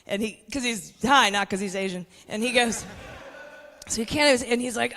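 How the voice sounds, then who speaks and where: Brash woman stand-up in her 40s, bright edge, hall reverb on a handheld mic. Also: a little high, moderate pace. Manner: brash, conspiratorial, addresses the crowd. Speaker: stand-up comedian. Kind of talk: stand-up comedy set.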